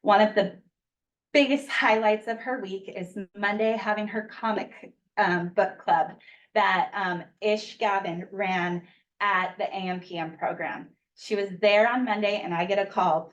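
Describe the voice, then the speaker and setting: A woman's voice: medium pitch, distant mic, muffled recording. A woman in her thirties, a parent giving public comment at a school board meeting, earnest and emotional as she speaks. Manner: emotional, earnest, rushed at times.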